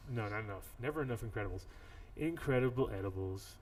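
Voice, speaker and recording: A man's voice: lowish voice, lively intonation, fast talker. A man hosting a casual radio talk show, chatting loosely through sponsor plugs with jokes and restarts. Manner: rambling, jokey, trails off into restarts. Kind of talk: casual on-air chat reading sponsor plugs. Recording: distant mic with faint room noise.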